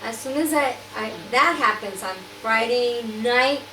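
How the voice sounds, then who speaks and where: A woman's voice: a little high, a little slow. Woman telling her church testimony, lots of life, echoey room with noise behind. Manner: animated storytelling, acting out quotes. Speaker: church member giving testimony. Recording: echoey room, far from mic, noisy.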